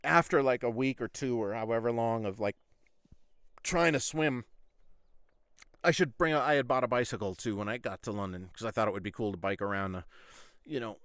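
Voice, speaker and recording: A man's voice: medium pitch, a little fast, pauses often, a bit bright, no room sound, studio quality. A man hosting a podcast, telling a story in a rambling, casual way, full of "like" and frequent swearing. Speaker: podcast host.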